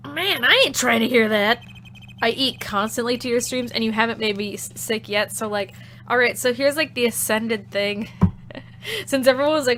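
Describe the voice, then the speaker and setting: A woman's voice: a little high, normal speed, pushed and bright, a little hiss or hum. A woman streamer chatting casually while playing a game, giggly, crude and rambling. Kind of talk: casual gameplay chat.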